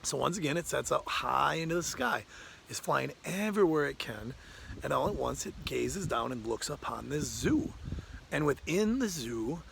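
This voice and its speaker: A man's voice: medium pitch, lively intonation, normal speed, creaky, fairly bright tone, a little hiss or hum. A man telling a fable in a casual, conversational way, ending with a moral. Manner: conversational, uses "like" often. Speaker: storyteller.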